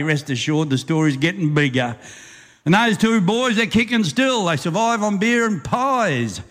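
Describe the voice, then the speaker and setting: At a live venue with an audience, an older Australian bush poet and compere recites a rhyming bush poem, riding its beat and slipping in chuckles. His voice sits slightly high, and the stage sound carries a long hall reverb.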